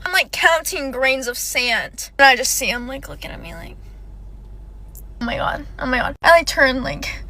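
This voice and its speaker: A young woman telling a personal story in a casual, animated way, talking fast with lots of "like" and "okay". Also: high-pitched.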